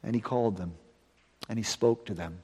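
A man's voice: fairly low pitch, moderate pace, slightly rough. Man preaching a sermon in a reverberant hall. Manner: earnest, rising to emphatic then dropping to hushed.

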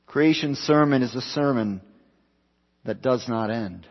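A pastor delivering an evening sermon, building phrases through repetition and rising and falling for emphasis. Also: male voice, medium pitch, unhurried, big-room sound, lo-fi sound. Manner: preaching with repetition, swelling and dropping for emphasis. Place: church.

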